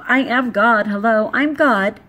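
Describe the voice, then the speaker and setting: Woman playing an earnest, preachy Jesus, a loving grown man, pitched a little high. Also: measured pace, pushed and bright.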